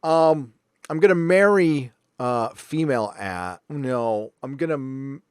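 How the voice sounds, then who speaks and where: A man's voice: mid-range voice, expressive, slow, smooth, no room sound, clean studio sound. A man hosting a livestream, reading out viewer super chats and thanking each one in a chatty, joking way. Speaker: livestream host.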